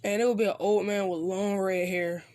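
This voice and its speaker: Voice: mid-range voice, fairly even intonation, moderate pace, a little mellow, dry recording, studio quality. A narrator improvising a fan story in a rambling, casual way, full of fillers and restarts.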